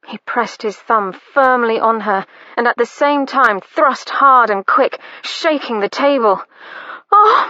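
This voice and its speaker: Woman audiobook narrator, slow measured reading, bright tone, dry lo-fi close mic. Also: fairly high pitch, dry recording. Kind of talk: scripted narration.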